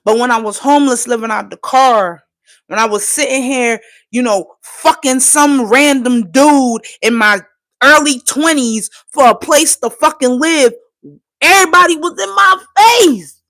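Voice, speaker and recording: A woman's voice: high voice, a little slow, a bit bright. A woman from Trinidad, fighting back tears, ranting on a livestream in a profane, impassioned, insistent way. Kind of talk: emotional live-stream rant.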